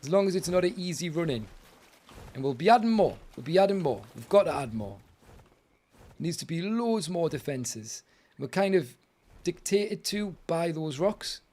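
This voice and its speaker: British male streamer, slightly high voice, chatty and exasperated. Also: big pitch swings, moderate pace, darkish tone. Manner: chatty, exasperated banter with viewers. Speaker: game streamer. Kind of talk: live gaming commentary.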